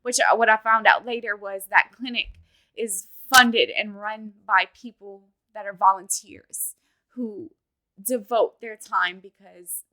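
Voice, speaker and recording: A woman in her thirties from Louisiana, telling a personal story in a halting, emotional way and retelling conversations with "I was like.". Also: medium pitch, fairly even intonation, sharp tone, low-quality recording. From Louisiana, USA. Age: 30s. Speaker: interviewee sharing a personal story. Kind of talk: casual spoken recollection.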